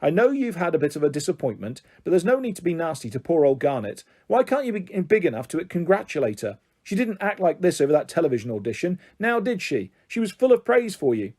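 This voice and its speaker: A man voicing a firm but caring middle-aged father calming his daughters. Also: on the high side, fast, few pauses. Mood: coaxing.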